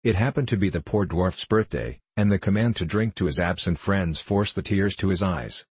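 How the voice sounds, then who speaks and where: Man reading an old story out loud, low husky voice, really dry close sound. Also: dry recording. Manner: measured, steady storytelling. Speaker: narrator. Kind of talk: audiobook reading.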